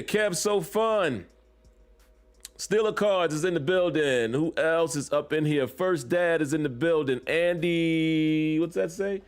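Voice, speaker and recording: A man's voice: fairly high pitch, gravelly. A man hosting a live-streamed sports podcast from his home basement, chatting casually and greeting viewers by name. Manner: casual, repetitive shout-outs to chat viewers. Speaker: podcast host.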